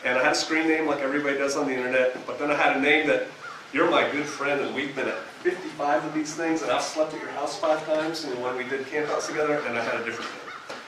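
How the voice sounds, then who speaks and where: Folksy storytelling pastor in echoey hall. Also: male voice, fairly high pitch, steady tone, fast, noisy background. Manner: folksy, chatty storyteller who laughs at his own stories. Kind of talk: storytelling seminar talk to a live audience. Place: hall with a live audience. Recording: echoey room recorded from a distance.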